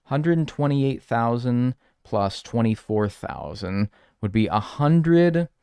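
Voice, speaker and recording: A man's voice: mid-range voice, lively intonation, takes it slowly, mellow, clean tone, dry recording, clean studio sound. A young man streaming a game, chatting casually in a rambling, joking and crude way. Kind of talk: casual gaming stream chat.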